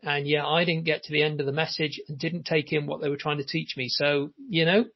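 Man, podcast host, gravelly voice, casual chat, muffled lo-fi audio. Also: a little high, level tone, brisk. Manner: chatty, with many fillers.

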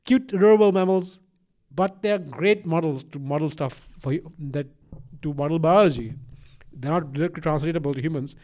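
A man co-hosting a podcast in casual chat, rambling and animated, swearing and laughing often, with a mixed accent that has a slight Eastern European tinge. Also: fairly high pitch, moderate pace, few pauses. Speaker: podcast co-host.

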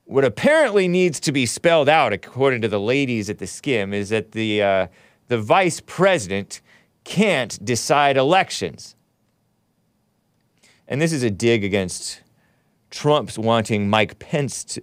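A male host talking loosely on his own show, wandering from point to point with quick asides and chuckles. His voice is smooth and clean, recorded close and dry with no room sound. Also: mid-range voice, expressive, no echo. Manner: rambling, joking asides to viewers, reads chat comments. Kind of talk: casual talk show commentary.

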